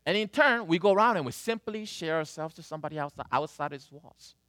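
Animated male preacher telling a story. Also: a little high, a little fast, no echo, studio quality. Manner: animated, swings between loud and soft. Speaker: pastor. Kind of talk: storytelling sermon.

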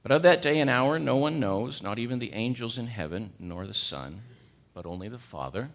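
A man's voice: mid-range voice, lively intonation, moderate pace. Emphatic man in his 60s preaching. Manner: emphatic, repeats key words, asks the congregation questions. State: has a cold. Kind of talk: sermon.

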